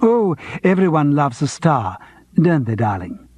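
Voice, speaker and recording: A man's voice: on the high side, big pitch swings, darkish tone, highs cut off. A man voicing a dramatic, gushing actress who coos and drags out her words. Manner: cooing, drawn-out, calls everyone darling.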